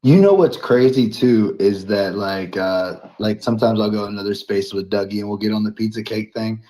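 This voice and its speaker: A man from Ohio co-hosting in casual chat, hyped and excitable, with a lot of slang. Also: lowish voice, fairly quick. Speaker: co-host.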